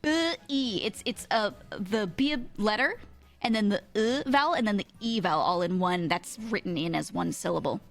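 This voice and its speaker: A woman's voice: medium pitch, animated, moderate pace, creaky. Young woman streamer just chatting, laughs a lot, some music in the background. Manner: chatty, laughs often, imitates accents. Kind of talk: casual chat.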